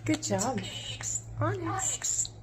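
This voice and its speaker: A woman's voice: high-pitched, big pitch swings, extremely slow, very noisy. A woman talking to her pet birds in cooing, affectionate baby talk. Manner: sing-song, affectionate. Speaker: pet bird owner. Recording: loud bird chirping behind.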